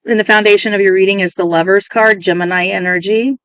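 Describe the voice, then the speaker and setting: A woman's voice: mid-range voice, fairly even intonation, fast talker, fairly bright tone, clear, resonant tone, dry recording. Woman giving an intuitive tarot reading. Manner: emotional, musing, self-interrupting. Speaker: tarot reader.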